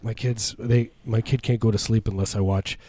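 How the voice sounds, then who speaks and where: A man's voice: lowish voice, fairly even intonation, normal speed, mellow, no echo. A man in his thirties casually chatting and telling funny stories about his son, acting out quoted lines in a raised voice. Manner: jokey storyteller, acts out quotes in a raised voice. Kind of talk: casual comedic chat.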